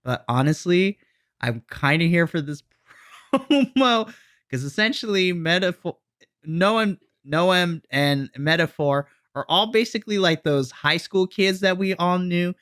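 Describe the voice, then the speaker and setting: A man co-hosting a podcast, chatting casually and excitedly, often acting out quoted reactions as he recaps. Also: high voice, a little slow, dry recording, studio quality. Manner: excitable, animated storytelling with quoted asides. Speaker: podcast co-host. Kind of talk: casual wrestling recap chat.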